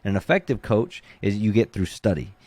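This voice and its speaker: On a casual podcast, a man who coaches jiu-jitsu talks in a lowish voice, a little on the fast side, captured in a dry recording. He's animated and acts out the things people say to him.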